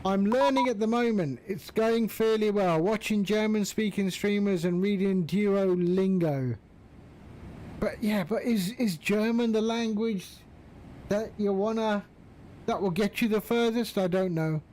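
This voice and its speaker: A man's voice: sits high, a little slow, a little mellow, a little hiss or hum, poor audio. A man chatting casually on a live stream, greeting viewers by name while he flies. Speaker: flight-sim streamer.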